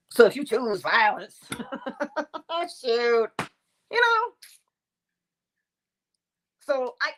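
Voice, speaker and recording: A woman hosting a spiritual teaching session and answering audience questions. She speaks in an animated way, acts out quoted voices and laughs often. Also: fairly high pitch. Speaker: host and teacher.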